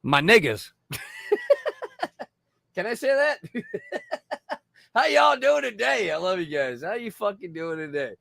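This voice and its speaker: A man's voice: high-pitched, huge pitch swings, slow, creaky, long pauses, fairly bright tone, dry recording, clean studio sound. A tipsy man hosting a casual livestream, rambling and swearing between laughs. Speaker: livestream host.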